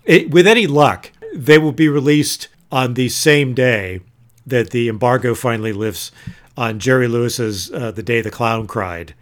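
Sardonic man co-hosting a podcast, mid-pitched, deadpan jokes. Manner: dry, sardonic wit. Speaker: podcast co-host. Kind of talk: casual chat.

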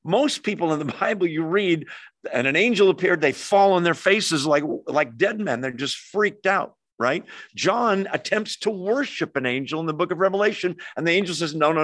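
A man's voice: on the high side, dry recording, studio quality. An older man teaching the Bible in a chatty, conversational way, often asking his listeners questions. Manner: chatty, asks the audience questions, animated. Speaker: pastor. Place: church hall with in-person and online audience.

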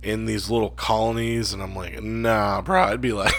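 A man's voice: fairly low pitch, little pitch movement, brisk, a bit bright, husky. A man in a laid-back casual chat, swearing offhandedly.

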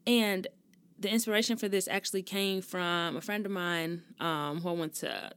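This young adult woman runs her own podcast, talking solo in a casual, expressive style full of rants and free cursing. Her lowish voice is smooth and fairly bright, with fairly even intonation, a moderate pace and no room sound.

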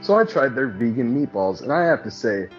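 An earnest male customer, as a man plays him giving a confessional testimonial in a spoof commercial. His voice sits at a middle pitch, and the sound is dull and lo-fi with faint music behind. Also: sing-song, fairly quick, lightly acted.

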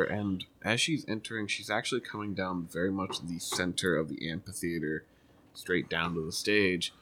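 Male game master, rambling casual narration, bright lower voice. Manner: loose, rambling narration with fillers.

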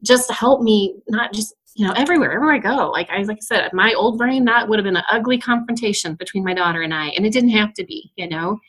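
A woman's voice: medium pitch, quick pace, few pauses, fairly bright tone, slightly rough. A middle-aged woman, a school principal, answering interview questions in an earnest storytelling way with frequent laughs.

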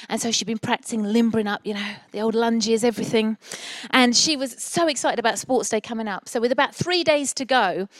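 A woman in middle age delivers a sermon in a bright, high voice. She is earnest and encouraging and tells her story with growing passion. The sound is dry and close, with no room echo. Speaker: preacher.

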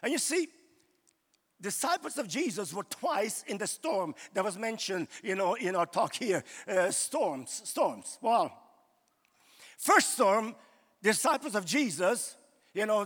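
A man's voice: sits high, big pitch swings, slow, a bit bright, husky, in a large hall. A male pastor preaching a sermon in a loose, conversational way, full of "you know" fillers, recorded live in a church.

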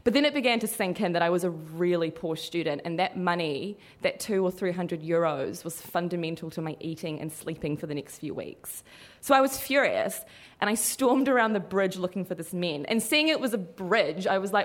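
A young adult woman telling a story, lively and often laughing as she talks. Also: lowish voice, moderate pace. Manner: animated, laughing through the telling. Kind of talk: live storytelling.

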